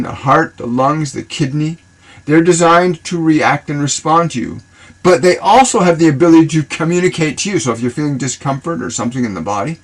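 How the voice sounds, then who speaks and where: A man's voice: fairly high pitch, rough recording. A man on a live stream answering viewer questions as a spiritual reader, loose and rambling, repeating himself and voicing affirmations. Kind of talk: casual live-stream guidance. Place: live social video stream.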